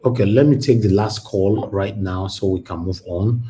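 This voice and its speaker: A man with a lowish, mellow voice hosts a call-in show. He greets and moves callers along briskly, politely adding sir to almost everything he says. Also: a little hiss or hum. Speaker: host.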